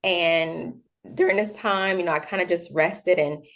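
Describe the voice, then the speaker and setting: A young woman speaks with a slightly low voice in a relaxed interview. She tells her story in a chatty, animated way, full of fillers, and acts out the other people in it. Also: a little slow, creaky. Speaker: guest.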